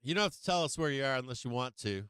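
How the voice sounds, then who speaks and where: A middle-aged market show host talks fast and expressively on a live stream from home, greeting his viewers by name in rambling, casual chatter. His mid-range voice sounds a bit bright and smooth, with no echo.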